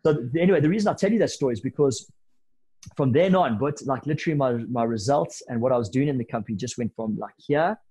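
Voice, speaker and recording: A man in his thirties, a podcast guest telling anecdotes in a lively, casual way with bits of slang. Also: mid-range voice, quick pace, breathy edge, rough recording. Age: 30s. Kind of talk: storytelling in a podcast interview.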